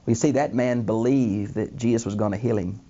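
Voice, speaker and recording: An older man's brisk, mid-range voice comes through with the highs cut off as he teaches a Bible lesson in a recording studio. He speaks to his "friends" with animation, voicing the quoted characters and peppering his talk with "uh."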